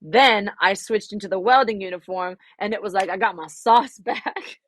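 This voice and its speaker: A woman's voice: mid-range voice, moderate pace, hardly any pauses, dry recording. A young adult woman, a singer-songwriter, answering interview questions frankly and reflectively, with many fillers and some swearing.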